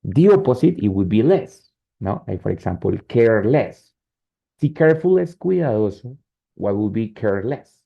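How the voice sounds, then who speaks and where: A man's voice: fairly low pitch, sing-song, normal speed, creaky. A male English teacher with a Spanish accent explains word suffixes, keeps checking "right?" and "no?", and drops into Spanish. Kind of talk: online class teaching. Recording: muffled lo-fi call audio.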